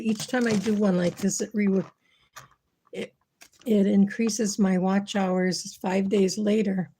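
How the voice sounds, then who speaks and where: Woman host for a casual kitchen livestream, mellow and relaxed, a bit worn-voiced, faint background hiss. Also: mid-range voice. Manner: chatty, thinking aloud while working. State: losing her voice.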